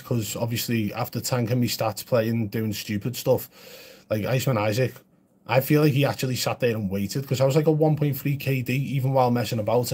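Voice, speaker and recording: Blunt husky streamer. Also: male voice, medium pitch, dark tone. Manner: blunt and chatty, answering viewer comments. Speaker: live streamer. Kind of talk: casual live-stream chat.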